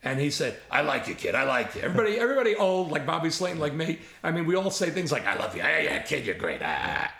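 A man's voice: a little high, fast talker, creaky, few pauses, echoey room. A man in his seventies, a comedy writer, telling casual anecdotes with imitations and frank swearing. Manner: lively storyteller who imitates others and swears freely.

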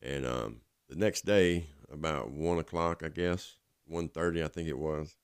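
A man with an extremely low, rumbling voice tells a personal story in a loose, rambling way, with plenty of filler words. The sound is dry and close, with no room around it. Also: measured pace, clean tone, no echo. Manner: rambling, casual, full of fillers. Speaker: recovering addict telling his story.

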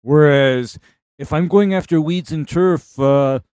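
A man co-hosting a call-in show, walking listeners through spraying methods in a measured way. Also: on the high side. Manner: measured, explains methods step by step. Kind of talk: casual technical talk.

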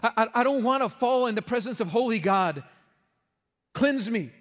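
Pastor putting on a freaked out disciple guy, way higher voice, half singing his begging. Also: expressive, moderate pace, a bit bright, big-room sound. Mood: pleading. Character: frantic, overwhelmed male disciple begging.

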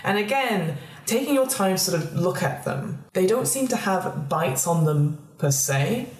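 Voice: medium pitch, lively intonation, unhurried. A game master narrating a tabletop horror game, rambling with many fillers. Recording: echoey room.

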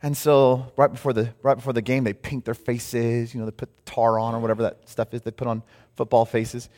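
A man preaching a sermon, telling a story with lively acted-out quotes. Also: mid-range voice, brisk, big-room sound. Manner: animated storytelling, acts out quotes. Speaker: pastor.

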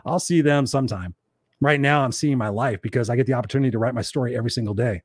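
A man's voice: medium pitch, rapid-fire, no room sound, studio quality. A man giving a blunt, profane motivational monologue, hammering his points home with rhetorical questions. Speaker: motivational speaker.

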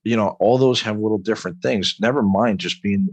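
A lowish-voiced man from Long Island, New York, an author and military veteran, talks at length as an interview guest. His delivery is brisk, emphatic and rambling, often tagged with "right?", with no room sound audible.

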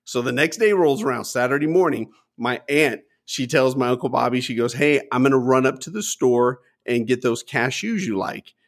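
A middle-aged man telling a story in casual chat, acting out the people he quotes with big jumps in pitch. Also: moderate pace, hardly any pauses. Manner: animated, acts out quotes with lively pitch jumps. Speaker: guest storyteller.

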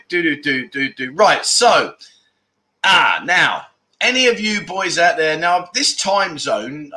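A middle-aged man hosts a casual home livestream in a bright, forceful voice that sits a little high for a man. He rambles and chats freely, reads out viewer comments, and lets the odd swear word slip. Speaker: livestream host. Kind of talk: casual live chat reading comments.

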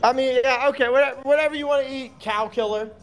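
A man's voice: extremely high pitch, steady tone, fast talker, a bit bright. A man co-hosting a casual live chat, ranting sarcastically and swearing a lot. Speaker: co-host.

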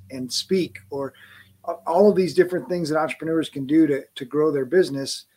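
A man hosting a business podcast, talking in an encouraging, reflective, conversational way. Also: on the high side. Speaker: podcast host. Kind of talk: podcast interview.

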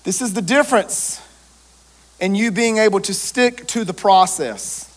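A man, a pastor preaching a lively sermon and joking with his congregation. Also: high-pitched, measured pace.

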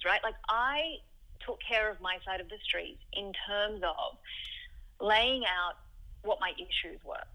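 A woman's voice: mid-range voice, rough recording. A woman from Yugoslavia speaking candidly as an interview guest, talking animatedly with lots of "like". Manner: animated, frequent "like", shifts into quoted voices. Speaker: podcast guest.

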